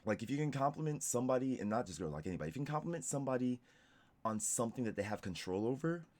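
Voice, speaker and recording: A man's voice: mid-range voice, lively intonation, rapid-fire, a little mellow. A young man streaming casual reaction commentary, rambling with lots of "like" and restarts. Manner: rambling, heavy use of "like" and restarts.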